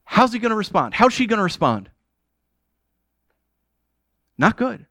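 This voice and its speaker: American male pastor, sermon delivery, casual and animated, higher voice, dry recording. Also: a little slow, dry recording. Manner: conversational, animated, casual asides with "like" and "dude".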